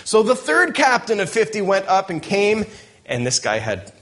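This male pastor's voice sits high and is a bit bright, with huge pitch swings at normal speed. During his sermon he reads from the Bible aloud, breaking in now and then with joking asides and chuckles.

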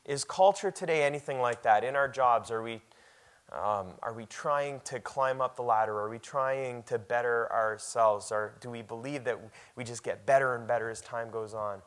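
A man preaching a sermon in a conversational way, often repeating words and growing much louder and higher when he reads scripture aloud. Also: normal speed, smooth.

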